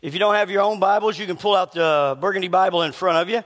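A man preaches in a relaxed, conversational way, his voice set fairly high. His throat sounds a little scratchy. The long reverb of a large church sanctuary trails after his words. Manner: conversational preaching with a slight rasp, pauses to cough. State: scratchy voice needing a cough drop. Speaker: pastor. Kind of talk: sermon.

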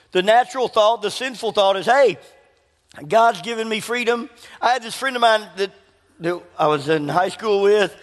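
A man preaching a sermon, telling a personal story in an animated way and acting out both sides of each conversation. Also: high voice. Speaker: pastor. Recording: long hall reverb.

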